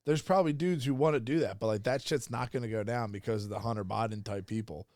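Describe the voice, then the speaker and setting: A man's voice: medium pitch, quick pace, a little mellow, no echo, studio quality. A man co-hosting a podcast, reacting in laid-back, profane casual chat. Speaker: podcast co-host.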